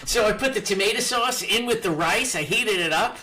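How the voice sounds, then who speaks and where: A man's voice: high-pitched, fairly quick, bright, forceful tone. A man in casual chat telling a self-mocking story and laughing at himself.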